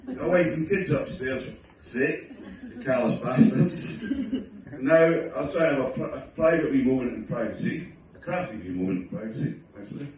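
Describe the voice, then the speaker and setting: A man's voice: moderate pace, a little mellow, a little hiss or hum. A middle-aged man doing a self-mocking stand-up routine, sometimes putting on his wife's voice. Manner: wry, self-mocking, acts out his wife in a higher voice. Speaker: stand-up comedian. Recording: distant phone recording in an echoey room. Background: audience laughter.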